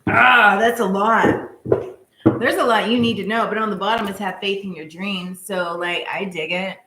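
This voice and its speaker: Woman, tarot reader, live stream, chatty, giggly, bright voice, echoey room. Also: mid-range voice, fairly even intonation, moderate pace, slight background noise. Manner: chatty, giggly, casual with filler words.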